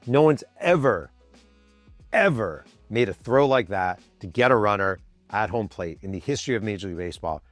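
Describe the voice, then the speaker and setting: Lively fifty-something male storyteller. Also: fairly low pitch, normal speed, dry recording, soft background music. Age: 50s. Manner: lively, acts out quotes, swears casually. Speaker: podcast host. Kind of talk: animated sports storytelling. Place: home office.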